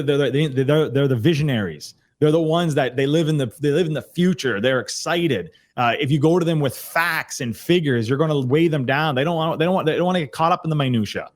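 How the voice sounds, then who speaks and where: Guy on a video call, mid-pitched, excited, keeps restarting sentences. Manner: energetic, repeats words and restarts often. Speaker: podcast guest, sales trainer. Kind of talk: casual conversational explanation. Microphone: computer on a video call.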